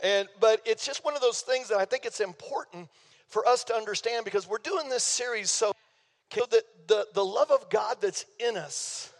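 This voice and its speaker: An older man, preaching a sermon as pastor in a folksy, playful way. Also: high voice. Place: church sanctuary. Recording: long reverb of a church hall.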